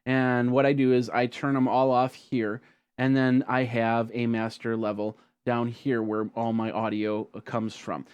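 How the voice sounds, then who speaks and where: Casual rambling man walking through software. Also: mid-range voice, level tone, unhurried, clear, resonant tone, dull audio. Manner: casual, rambling, frequent ums and restarts. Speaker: tech tutorial host. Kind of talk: screen-recorded software tutorial.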